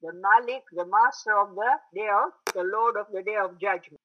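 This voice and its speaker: A woman's voice: mid-range voice, moderate pace. Woman teaching a faith class, keeps asking right?, muffled old-sounding recording. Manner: explanatory, checks in with listeners. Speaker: religious teacher. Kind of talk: religious lecture. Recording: dull lo-fi recording.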